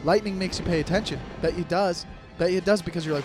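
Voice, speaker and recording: A man's voice: high voice, fast, music in the background. A man in his thirties hosting a solo podcast, ranting in an exasperated, comedic way and often restarting his sentences. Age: 30s. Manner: animated, exasperated, repeats and restarts himself. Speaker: podcast host.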